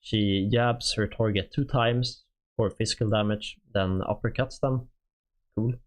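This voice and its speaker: A man with a Swedish accent talks through a game's units on a stream, his voice sitting a little low. He reads in a halting, casual way and fills the gaps with lots of "uh"s. He is a native Swedish speaker speaking English. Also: fairly even intonation. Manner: halting, many "uh" fillers while reading out game info. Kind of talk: casual game stream talk.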